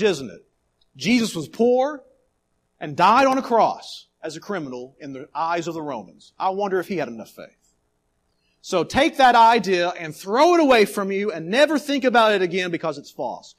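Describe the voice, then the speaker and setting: A pastor preaching from the pulpit, his high voice leaping up and down with great animation. He pushes hard on key phrases, then drops to a hush and stretches out the words. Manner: preaching with dramatic swings between loud emphasis and quiet, drawn-out phrases. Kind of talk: sermon. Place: church sanctuary.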